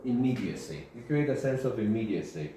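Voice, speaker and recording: A man's voice: lowish voice, expressive, fairly quick. A male English teacher giving a classroom grammar lesson, repeating key terms and checking in with his students. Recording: very echoey room, faint background hiss.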